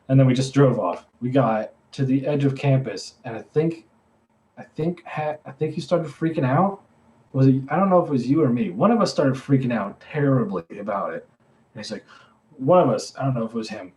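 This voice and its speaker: A man's voice: medium pitch, normal speed, darkish tone. Brief: young guy, mid-range voice, loose rambling storyteller on a chat podcast. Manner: rambling, full of "like" and self-corrections. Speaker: podcast co-host. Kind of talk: casual storytelling.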